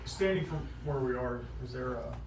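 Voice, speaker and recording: A man's voice: medium pitch, moderate pace, reverberant, distant mic, a crowd in the background, low-quality recording. A man playing in a tabletop game, making dry, wry remarks. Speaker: player. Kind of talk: casual tabletop game chat.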